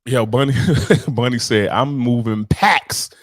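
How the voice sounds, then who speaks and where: A man co-hosting a casual podcast, loud and profane, joking and laughing often. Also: mid-range voice, measured pace, no room sound, clean studio sound. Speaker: podcast co-host.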